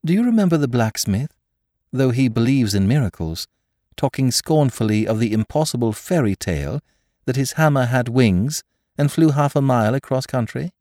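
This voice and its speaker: A man putting on a cheerful, gentle little priest. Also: mid-range voice, animated, normal speed, no room sound, clean studio sound, pitched above the performer's own voice, natural voice. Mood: mild, amused. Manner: gentle, quietly amused, pleasantly reasoning. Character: cheerful small middle-aged male priest-detective. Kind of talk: audiobook character voice.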